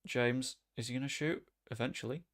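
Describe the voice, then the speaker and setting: A man chatting casually as he streams a football management game, rambling and breaking into sudden excited outbursts. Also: mid-range voice, fairly quick. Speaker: gaming streamer. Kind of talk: casual gameplay commentary.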